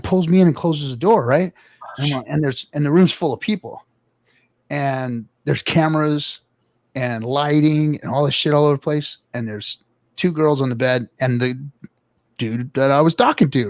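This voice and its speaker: Animated, profane male storyteller with gravelly voice. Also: fairly high pitch, moderate pace, no echo. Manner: animated, profane storyteller acting out quotes loudly. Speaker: show regular. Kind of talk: casual storytelling chat.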